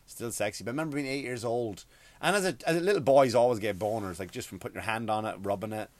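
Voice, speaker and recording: A man's voice: medium pitch, fast, no echo. Irish man, middle-aged, crude profane comedy rant, dry close sound. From Ireland. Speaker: podcast host.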